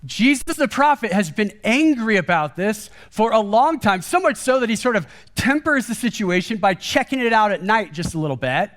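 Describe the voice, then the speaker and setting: Male guest preacher, high-pitched voice, casual and chatty delivery at a church service. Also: normal speed, few pauses. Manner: casual and chatty, peppered with "like" and "kind of"; animated, acts out quoted speech with a raised voice. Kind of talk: conversational sermon.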